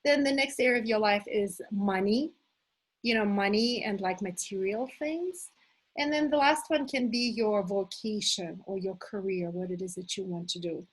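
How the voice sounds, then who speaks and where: A middle-aged woman leading a live motivational workshop as a coach, enthusiastic and animated, talking to her listeners as "you guys". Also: mid-range voice, normal speed, breathy edge, rough recording. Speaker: manifestation coach hosting an online challenge.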